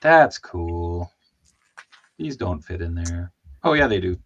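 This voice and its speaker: A man hosting a casual chat while opening toys, excitable, laughing and swearing as he talks. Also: low voice, slow, muffled recording, slight background noise. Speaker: podcast host.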